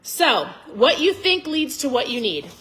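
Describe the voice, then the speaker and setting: Fired-up woman with a bright voice. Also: sits high, big pitch swings, measured pace. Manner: fired up, almost yelling; emphatic, preachy. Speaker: vlogger. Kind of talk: motivational talk to camera.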